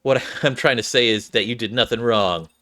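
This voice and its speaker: A man's voice: medium pitch, moderate pace, pushed and bright, natural voice. A brash girl fighter who talks bluntly and scolds without holding back, read by a man in his own ordinary voice. She sounds defensive and sure of herself. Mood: scolding.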